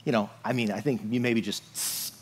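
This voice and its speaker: A man's voice: medium pitch, fairly even intonation, a little fast, a little hiss or hum. Pastor, man, chatty sermon delivery, voice ringing in a reverberant sanctuary. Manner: conversational, frequent "like" and "right?".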